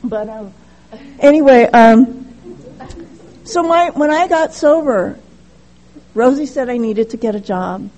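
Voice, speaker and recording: A middle-aged woman with a high voice shares her recovery story at a meeting. She talks candidly and haltingly, often restarting sentences and adding "you know". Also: expressive, warm tone, slight background noise, poor audio. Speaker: speaker sharing at a recovery meeting.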